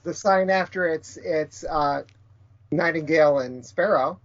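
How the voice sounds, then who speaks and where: A man co-hosting a casual podcast, halting and filling his speech with pauses as he explains. His voice sits a little high. The audio is dull and lo-fi. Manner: hesitant, many fillers and restarts. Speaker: podcast co-host.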